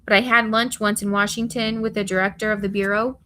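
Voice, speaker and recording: A woman reading as a deadpan FBI man near fifty. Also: mid-range voice, close to an everyday voice. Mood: dry. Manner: deadpan, unhurried joking. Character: cool, dry-witted American FBI man near fifty.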